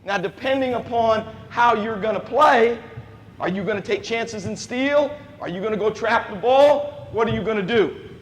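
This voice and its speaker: Brief: animated high-voiced man as youth basketball coach, quizzing kids, long gym reverb. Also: moderate pace, husky. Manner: animated, asks the players questions, repeats key points. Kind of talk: coaching clinic instruction. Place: gym with players on court.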